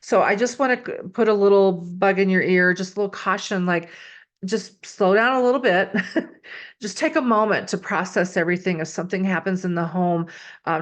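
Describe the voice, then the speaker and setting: A woman giving casual astrology readings to her viewers, chatty and full of fillers, often checking in with "okay?". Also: lowish voice. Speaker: astrology YouTuber. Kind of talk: casual horoscope talk to camera.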